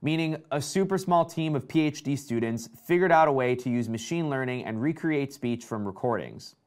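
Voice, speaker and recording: A man hosting a casual live tech show, talking excitedly and reading out viewer comments. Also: mid-range voice, moderate pace.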